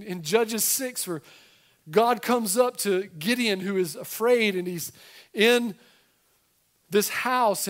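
A man in middle age delivering a sermon with animated emphasis, stopping for casual asides to the people in front of him. His voice sits high for a man. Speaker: pastor.

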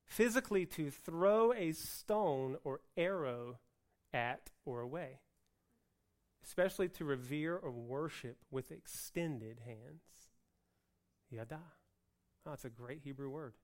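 A man preaching a sermon on Hebrew words for worship, mixing joking asides with loud, emphatic passages. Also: fairly high pitch, slow pace. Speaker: pastor.

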